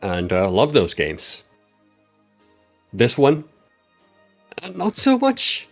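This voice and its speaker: A man's voice: medium pitch, huge pitch swings, slow pace, gravelly, soft background music. A man chatting casually as a guest on a gaming stream, hesitant and modest, often stammering as he restarts his sentences. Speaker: racer and guest. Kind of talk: casual chat.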